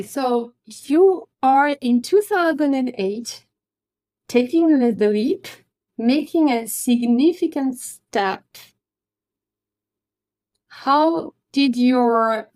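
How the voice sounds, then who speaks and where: A woman's voice: sits high, lively intonation, extremely slow, a little mellow, no echo. A woman hosting a podcast interview, asking questions carefully and searching for her words. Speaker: podcast host.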